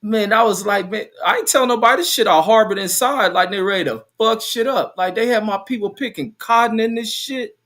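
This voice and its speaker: A man's voice: sits high, brisk, hardly any pauses, a bit bright. A man from Los Angeles hosting a podcast in casual chat, swearing and loose in his talk. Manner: profane, loose and laughing. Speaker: podcast host.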